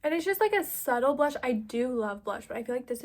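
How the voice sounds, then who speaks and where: Young american woman doing a makeup tutorial at home, chatty and rambly, kinda high voice, lots of "like". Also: animated, brisk, few pauses. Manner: chatty, filler-heavy, self-deprecating. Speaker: vlogger.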